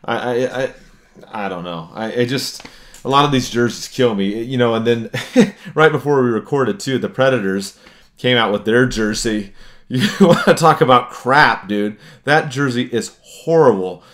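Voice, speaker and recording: A man's voice: medium pitch, normal speed, fairly bright tone. A man co-hosting a casual hockey podcast, ranting bluntly and laughing often. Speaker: podcast co-host. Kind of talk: casual sports chat.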